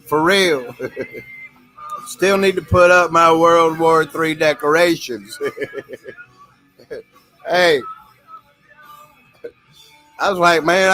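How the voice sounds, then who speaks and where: A man's voice: on the high side, sharp tone. A man hosting a casual livestream, talking to viewers in a drawl, laughing often. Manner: drawling, laughs often, keeps saying "y'all". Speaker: livestream host.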